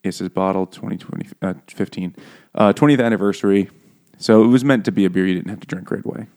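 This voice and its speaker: A man's voice: on the low side, quick pace, a little mellow. A man co-hosting a podcast, rambling and joking with friends in casual, profane chat. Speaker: podcast co-host.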